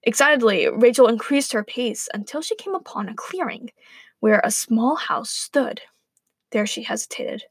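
A woman's voice: on the high side, animated, moderate pace, vocal fry, slightly rough, no echo. A woman narrating a playful, wry story aloud.

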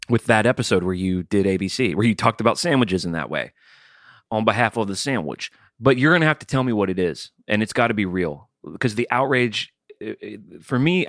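A man in his forties co-hosts a podcast, working through ideas carefully and restarting his sentences. His voice sits fairly low. The sound is close and dry. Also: lively intonation, fairly quick, a bit bright, no room sound. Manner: thoughtful, reasoning aloud with restarts. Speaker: podcast co-host. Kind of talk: casual podcast discussion.

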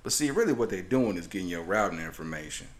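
Podcast co-host, male, lively rambling storyteller, laughs through his bits. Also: deep voice, quick pace. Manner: animated, rambling, laughs often.

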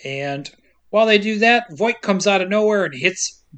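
A man with a notably high voice tells a film's story in a casual, deadpan recap. He drops in silly jokes as he goes and laughs easily. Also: normal speed, clean tone. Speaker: podcast co-host recapping a film. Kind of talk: casual comedic plot recap.

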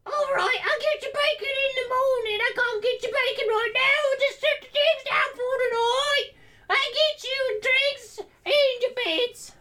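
A woman voicing a harried, brassy female tavern keeper who calls out loudly in a high, shrill voice. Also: unhurried, heavily acted. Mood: bustling.

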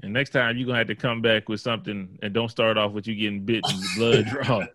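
A man's voice: lowish voice, steady tone, brisk, background noise. A man co-hosting a podcast in casual banter, laid-back and chuckling, with short interjections. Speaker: podcast co-host.

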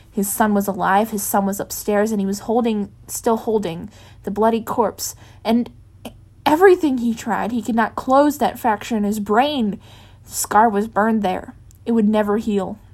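A woman reading fan fiction aloud in a plain, unpolished way, pausing to correct her own slips. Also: a little high. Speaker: reader.

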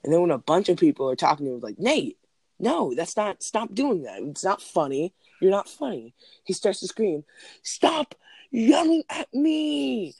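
A man's voice: a little high, big pitch swings, normal speed, breathy edge, dry recording. A man in casual chat, rambling through school stories with lots of "like" and "um". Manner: rambling, heavy use of "like" and "um".

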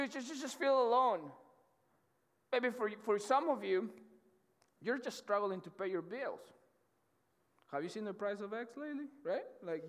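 A man preaches from the stage of a church auditorium, his voice sitting high for a man. He keeps it loose and slangy, stumbling through restarts and checking in with the room, while a long reverb trails every phrase. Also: a bit bright. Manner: conversational and slangy, with many restarts and repeated "right?". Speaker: pastor. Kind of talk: casual sermon to college students. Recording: long reverb of a large hall.

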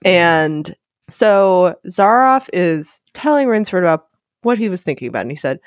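A woman's voice: fairly low pitch, very animated, normal speed, no echo, clean studio sound. A woman hosting a casual literature podcast, sardonic and profane, mixing story readings with jokes. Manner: profane, sardonic, reads story passages aloud. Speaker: podcast host.

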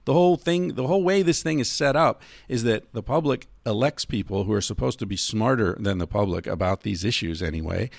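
Gravelly, profane podcast man ranting. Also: a little fast, few pauses, no room sound. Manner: profane, ranting, shifts from calm and low to loud and high. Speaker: podcast host. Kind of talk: solo podcast monologue.

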